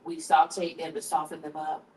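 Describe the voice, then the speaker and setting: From her home kitchen, a woman runs a casual live stream, tasting her food and talking to viewers before dropping into hushed prayer. Her low voice is delivered completely flat at normal speed, captured by a roomy, distant camera mic with slight background noise.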